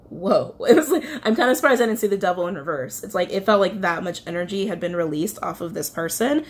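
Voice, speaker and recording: A woman talking her way through a tarot reading for her subscribers in a loose, rambling way, full of fillers and restarts. She swings between excited and teary as she goes. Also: medium pitch. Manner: chatty, rambling, emotional, frequent fillers and self-corrections. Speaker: tarot reader. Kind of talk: casual spoken tarot reading.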